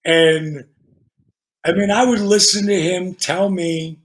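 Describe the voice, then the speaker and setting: A man guest on a podcast, telling casual stories in an animated, profane way and acting out the dialogue. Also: high voice, slow pace. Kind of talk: casual storytelling.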